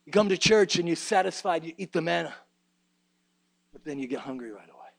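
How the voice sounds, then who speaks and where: A man preaching a sermon, swinging between hushed low asides and shouted, sing-song preaching. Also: expressive, brisk, gravelly, dry recording.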